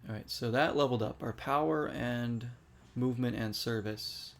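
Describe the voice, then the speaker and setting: A man's voice: mid-range voice, normal speed, gravelly. A man giving casual, chatty commentary while playing a video game and reacting aloud to each shot. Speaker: gaming streamer.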